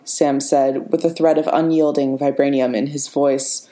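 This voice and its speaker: A woman narrates a story aloud in a low, dark-toned voice. Her reading is even and expressive, paced like an audiobook. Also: moderate pace, hardly any pauses.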